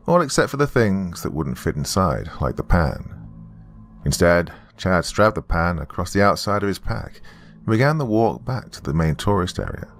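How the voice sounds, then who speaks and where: A man narrating a horror story with lively, expressive storytelling. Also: deep voice, slight background noise. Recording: soft music behind the voice.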